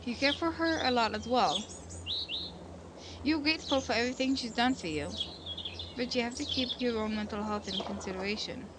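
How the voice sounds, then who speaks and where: A woman's voice: fairly high pitch, normal speed, long pauses, noisy background. Rambling, giggly woman gamer. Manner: rambling, giggly, emotional reactions. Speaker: gaming video creator. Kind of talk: reading a visual novel aloud and commenting.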